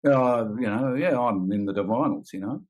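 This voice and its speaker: An older man with an Australian accent, a guest musician speaking in a halting, reflective way. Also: mid-range voice, a little mellow, low-quality recording. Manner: halting, reflective, with many fillers and restarts. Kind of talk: candid conversation.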